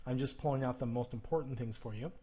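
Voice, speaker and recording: A man's voice: medium pitch, fast talker, warm tone, husky. A male teacher explaining plural sounds in a video lesson, talking straight to the viewer, checking in with "okay?" and exaggerating the sounds he demonstrates. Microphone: recording while flipping through a textbook.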